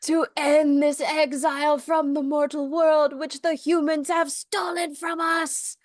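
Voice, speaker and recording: A woman voicing a grandiose male warlock villain, delivering a slow, pompous speech. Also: sits high, little pitch movement, a little hiss or hum, voice pushed up.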